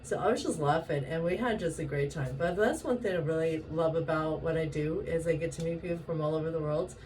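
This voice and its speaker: A woman from Washington state telling a story in a casual, animated way, laughing often and acting out the voices she quotes. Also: sits low, brisk, faint music behind. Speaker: vlogger. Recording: distant mic with faint ambient noise.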